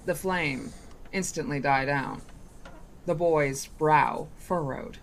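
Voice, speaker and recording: Woman reading a book out loud for a book club, super slow, fixes her slips as she goes, bit of hiss. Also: low voice, vocal fry. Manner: deliberate, with small self-corrections. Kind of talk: reading a novel aloud.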